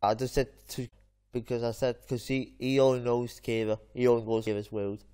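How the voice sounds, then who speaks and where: A man's voice: mid-range voice, flat delivery, fairly quick, warm tone, clear, resonant tone. Man, casual gaming chat, rambling storyteller, mid-range voice. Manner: rambling anecdote full of fillers and restarts. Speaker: gaming channel host.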